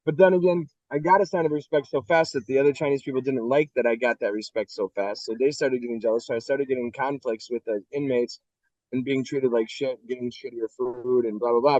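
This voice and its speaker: Middle-aged american guy, blunt and swears a lot, animated storyteller, dull lo-fi audio. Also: medium pitch, no room sound. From United States. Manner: blunt, profane, animated retelling. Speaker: interview guest. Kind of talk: candid storytelling.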